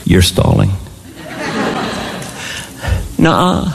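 A man doing stand-up, telling a story as an exasperated father with animated delivery. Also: low-pitched, extremely slow, creaky, noisy background. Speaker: stand-up comedian. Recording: live stand-up with loud crowd laughter. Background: audience laughter.

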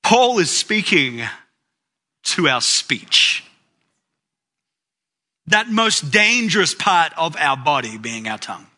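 A man's voice: on the high side, very animated, takes it slowly, pauses often, bright, forceful tone. A man preaching a sermon, telling a story with dramatic rises and sudden drops in his voice. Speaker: pastor.

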